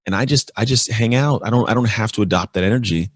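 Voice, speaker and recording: Fast-talking deep-voiced man guest. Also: slightly rough, dry recording. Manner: energetic, acts out quoted exchanges. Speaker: podcast guest. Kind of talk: casual interview talk.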